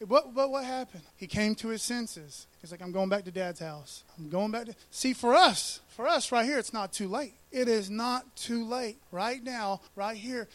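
A man's voice: very high-pitched, fairly bright tone. A man preaching a sermon in a loose, joking, slangy way, breaking off into asides to the congregation. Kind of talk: casual conversational sermon.

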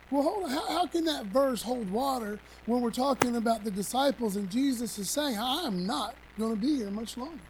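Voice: medium pitch, expressive, moderate pace, hardly any pauses, a little hiss or hum, low-quality recording. Emphatic, chatty preacher with casual asides. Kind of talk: conversational sermon.

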